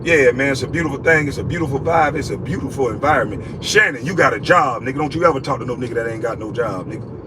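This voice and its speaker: A man's voice: mid-range voice, fast talker, background noise. A man delivering an angry, profane, repetitive scolding rant aimed at a critic. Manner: scolding, repetitive, heavy cursing. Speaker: vlogger ranting at a critic.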